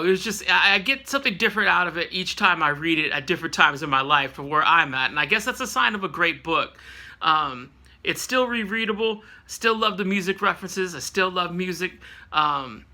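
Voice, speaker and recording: This is a man with a high, sharp voice, a late-thirties book reviewer from California. His casual vlog about books he's read is rambling, packed with fillers and self-corrections.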